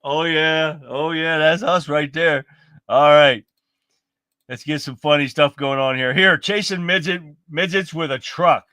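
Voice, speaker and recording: A man's voice: a little high, a little slow, sharp tone, dry recording, studio quality. A man hosting a live stream, chatting casually to viewers and introducing clips. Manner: chatty, laughs easily, addresses viewers. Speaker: livestream show host.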